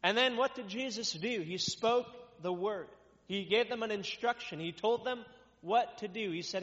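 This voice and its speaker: Male traveling preacher, high bright voice, long-reverb dull recording, reads then riffs casually. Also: moderate pace. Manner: reads scripture loudly, then explains in casual repetitive talk. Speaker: traveling minister. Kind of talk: sermon with scripture reading.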